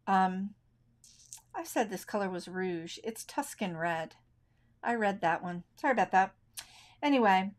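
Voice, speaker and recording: Middle-aged lady teaching colored pencils live, chatty and relaxed, kinda high voice. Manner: relaxed, chatty, thinks aloud; left-handed. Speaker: art instructor.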